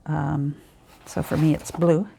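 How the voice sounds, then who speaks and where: A woman's voice: sits low, flat delivery, slow, vocal fry, dark tone, a little hiss or hum. A middle-aged woman with a Canadian accent, chattering casually while she crafts, rambling and chiding herself with many ums and sighs. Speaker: crafting vlogger.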